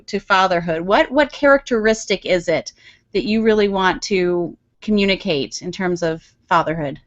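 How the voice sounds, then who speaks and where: A woman's voice: medium pitch, expressive, moderate pace. A woman hosting an interview, affirming the guest and asking long, rambling questions with restarts. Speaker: interview host. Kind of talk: conversational interview. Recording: dull lo-fi audio.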